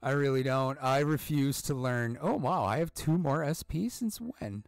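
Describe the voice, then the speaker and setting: A man's voice: medium pitch, moderate pace, smooth, no echo, clean studio sound. A middle-aged man commenting on his gameplay in a profane, sarcastic way, and laughing at his own jokes. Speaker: let's-play streamer.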